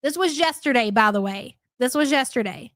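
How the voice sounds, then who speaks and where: A woman's voice: high voice, lively intonation, moderate pace, a bit bright, no room sound. Woman, middle-aged, stream host, blunt, profane, scornful, dry close sound. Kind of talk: live reaction commentary.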